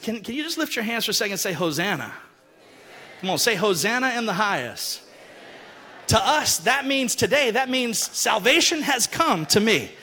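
High, husky preacher man in a reverberant hall. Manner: animated storytelling, acts out quotes, rising to shouts. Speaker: pastor. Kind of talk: sermon.

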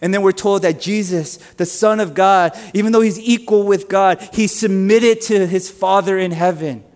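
Pastor guy preaching, pretty high voice, says the big lines twice, long echo in a church hall. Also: normal speed, a little mellow. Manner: repeats key lines for emphasis. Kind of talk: sermon.

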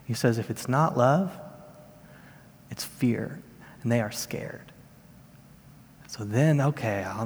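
A man in his thirties delivering a sermon as a pastor, in an earnest, measured storytelling manner. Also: mid-range voice, slight background noise. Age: 30s. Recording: long reverb of a large hall.

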